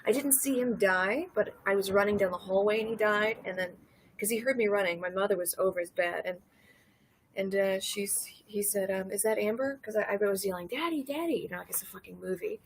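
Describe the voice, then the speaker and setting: A woman from Louisiana hosting a casual comedic monologue, rambling and cursing and laughing her way through dark topics. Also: medium pitch, fairly even intonation, brisk, a little hiss or hum, poor audio. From Louisiana, USA. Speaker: host.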